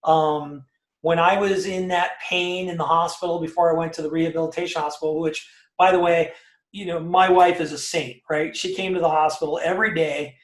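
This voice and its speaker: This man's voice is a little high and a little fast, with little pitch movement, and the recording is reverberant. He's in his fifties and recounts his life story as a chatty, emphatic interview guest, using many fillers and tag questions.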